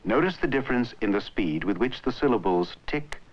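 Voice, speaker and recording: A man giving measured, scripted narration for an old educational film on language. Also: mid-range voice, lively intonation. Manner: measured, explanatory. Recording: dull lo-fi old film soundtrack.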